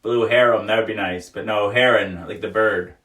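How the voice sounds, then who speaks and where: Low-voiced laughing man in an echoey sauna. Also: fairly even intonation, normal speed, a bit bright, recorded from a distance. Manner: laughs often, joking and frank. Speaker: livestream host. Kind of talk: casual chat reading viewer comments aloud. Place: small wooden sauna. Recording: echoey room, voice away from mic.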